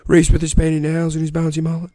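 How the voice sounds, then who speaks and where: A man's voice: on the high side, completely flat delivery, fast, warm tone, no room sound, clean studio sound, close to an everyday voice. An Australian man putting on the voice of a blustery older American male politician, with a put-on American accent and boastful, repetitive superlatives.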